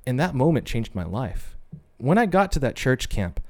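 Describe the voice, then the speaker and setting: A man's voice: medium pitch, big pitch swings, normal speed, a little mellow. Earnest man telling his testimony. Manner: earnest storyteller, acts out quoted voices. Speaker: podcast co-host sharing testimony. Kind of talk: personal testimony, casual chat.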